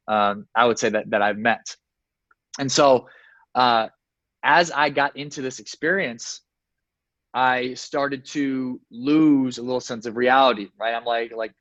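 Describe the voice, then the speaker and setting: An earnest man in his thirties tells a personal story as an interview guest, circling back with fillers and restarts. His voice sits at a middle pitch. The sound is dry and a bit dull. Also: fairly bright tone, no room sound. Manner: earnest, many fillers and restarts, acts out quoted dialogue. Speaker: guest, success coach.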